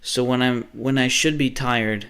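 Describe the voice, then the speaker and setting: A man's voice: medium pitch, steady tone, measured pace, a bit bright, clear, resonant tone. A livestreamer, a man, talking in a rambling rant that keeps restarting and trailing off. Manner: restless, self-interrupting, frequent restarts and trailing off.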